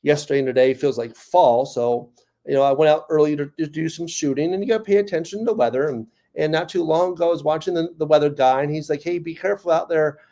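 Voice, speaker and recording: A man's voice: fairly high pitch, fast, mellow. A man in his fifties with a New York accent, a comedian and speaker joking and telling his own story to a conference audience. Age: 50s. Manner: joking, then earnest and personal. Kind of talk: stand-up comedy talk at a conference.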